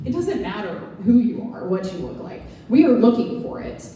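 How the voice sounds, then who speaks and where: Woman comic, stand-up set, full of "um"s, warm and low-key, roomy live-club sound. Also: big pitch swings, dull audio, slight background noise. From American South. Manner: halting, filler-heavy, dry self-mocking delivery. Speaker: stand-up comedian. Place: comedy lounge stage, live audience. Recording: roomy club echo, far mic.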